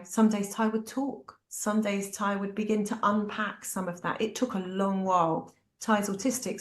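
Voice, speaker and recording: A middle-aged woman, telling personal family stories at a talk and acting out bits of dialogue. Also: medium pitch. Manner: animated, acts out family dialogue. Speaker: parent speaking at a talk. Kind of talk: personal storytelling in a panel talk. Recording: echoey room.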